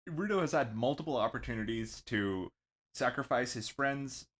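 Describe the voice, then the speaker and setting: A man's voice: medium pitch, moderate pace, a bit bright. A man co-hosting a casual manga book-club podcast. He mostly agrees and chimes in with short, easygoing comments. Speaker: podcast co-host.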